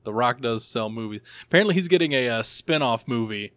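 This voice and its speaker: A man in a casual chat who talks hesitantly, filling pauses with uh and like, with a self-deprecating streak. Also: medium pitch, expressive, a bit bright, no room sound.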